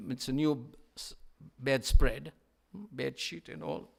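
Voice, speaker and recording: A man's voice: medium pitch, slow, creaky. A male preacher giving a mourning sermon, telling the story with passion and often repeating phrases.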